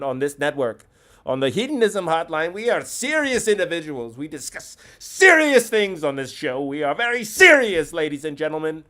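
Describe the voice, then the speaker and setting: A man's voice: on the high side, very animated, normal speed, sharp tone. A man hosting a comedic call-in show, ranting with profane mock indignation at a caller.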